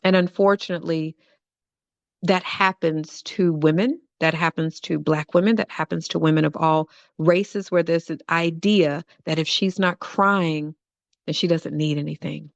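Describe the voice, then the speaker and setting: A woman's voice: low-pitched, fairly even intonation, unhurried, creaky, dry recording, lo-fi sound. A woman hosting a podcast, telling a personal story in an earnest way and repeating phrases for emphasis. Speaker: podcast host.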